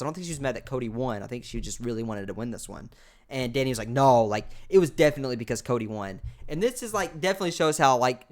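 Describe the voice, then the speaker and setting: A young man co-hosting a podcast, rambling through a casual episode recap with lots of fillers and asides. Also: mid-range voice. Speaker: podcast co-host.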